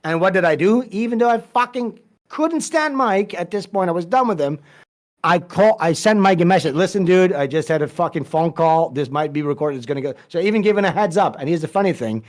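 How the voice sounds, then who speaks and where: A man's voice: high voice, expressive, a little fast. A man guest on a podcast, telling a long story in casual, profane, rambling talk with many restarts.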